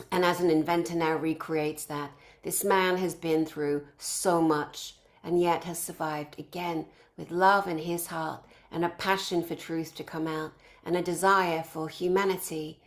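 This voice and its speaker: A woman organizing a conference, introducing its speakers one by one and piling up effusive praise in long lists. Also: lowish voice.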